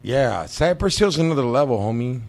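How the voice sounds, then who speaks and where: A man's voice: mid-range voice, lively intonation, moderate pace, a little mellow, faint music behind. Slangy, profane storytelling man. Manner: profane, slangy storyteller who acts out quoted voices. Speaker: podcast host. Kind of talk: casual chat. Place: podcast studio.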